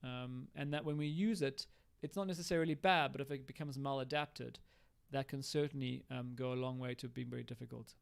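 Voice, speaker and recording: A man's voice: medium pitch, fairly even intonation, a little fast, gravelly, clear, resonant tone. A man explaining communication styles in a live-streamed teaching talk, acting out example lines as he goes. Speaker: recovery educator.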